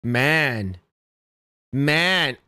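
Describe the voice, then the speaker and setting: Excitable man streaming. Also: extremely slow, smooth. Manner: excitable, swings between loud exclamations and low mutters. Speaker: streamer and podcast host. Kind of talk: casual livestream reaction commentary.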